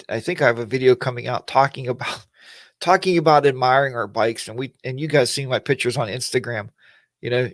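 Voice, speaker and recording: A man's voice: mid-range voice, no echo. A man hosting a casual weekly livestream chat, rambling in a folksy way and greeting viewers by name.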